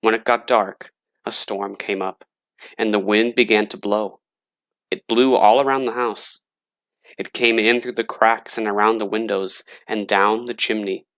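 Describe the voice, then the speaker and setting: A man narrating a scary story in a slow, dramatic reading voice. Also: lowish voice, steady tone, fairly bright tone.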